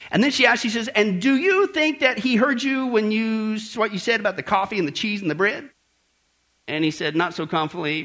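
A man's voice: sits high, lively intonation, brisk, bright, forceful tone. A man preaching a sermon as pastor, asking the congregation rhetorical questions and telling a story.

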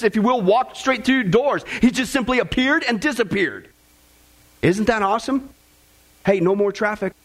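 A man with a strikingly high voice preaches a sermon to a church congregation. He keeps the delivery animated and jokey. He often laughs at his own punchlines. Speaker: pastor.

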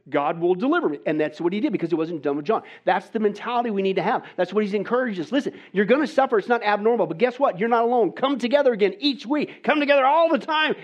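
Male pastor, high pitch, emphatic sermon delivery, lo-fi recording. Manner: emphatic, calls out "right?" to the congregation; swings from soft to loud exhortation. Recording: dull lo-fi sound.

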